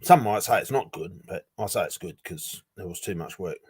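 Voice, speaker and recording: A man's voice: low-pitched, expressive, moderate pace, a little mellow, breathy edge, no room sound. A man hosting a casual livestream, chatting loosely and greeting viewers by reading their comments aloud. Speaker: livestream host.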